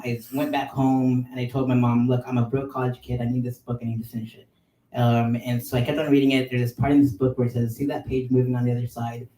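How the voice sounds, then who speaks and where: Man telling a story in a roomy room. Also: medium pitch. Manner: animated, filler-heavy with many likes and ums. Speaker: podcast guest storyteller. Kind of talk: casual storytelling. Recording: roomy sound, mic at a distance.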